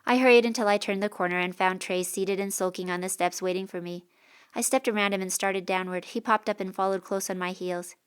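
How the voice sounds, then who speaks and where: A woman's voice: medium pitch, steady tone, fairly quick, clear, resonant tone. Woman narrating a first-person audiobook.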